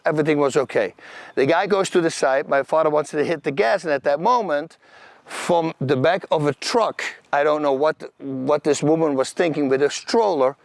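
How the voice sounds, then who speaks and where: A channel host from the Netherlands narrates personal stories in a fairly high-pitched voice with no echo. He's animated, vivid, and quick to act out scenes and quote people, and his grammar is loose and non-native.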